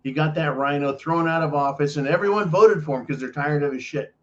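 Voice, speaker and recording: A man rants through a political monologue, emphatic and profane, hammering points home by repeating them. His voice sits a bit higher than most men's. The audio is dull and lo-fi. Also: brisk. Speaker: political commentary host. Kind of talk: ranting monologue.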